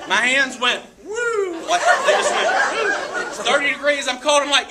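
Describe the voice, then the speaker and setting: A man giving a motivational talk to a live audience, telling a story in an animated way with frequent laughs. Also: extremely high pitch, normal speed, over a noisy crowd, very noisy. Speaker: motivational speaker. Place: event room with an audience.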